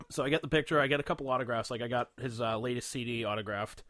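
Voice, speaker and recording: A man co-hosting a radio podcast, telling a story in casual chat with frequent laughs and swearing. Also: medium pitch. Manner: laughing storyteller, swears often, puts on loud impressions. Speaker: podcast co-host.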